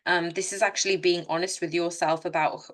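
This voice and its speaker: A tarot reader speaks briskly in a low, steady, fairly bright voice during an unscripted, casual reading. She addresses her listeners earnestly and directly, frequently restarting and correcting herself.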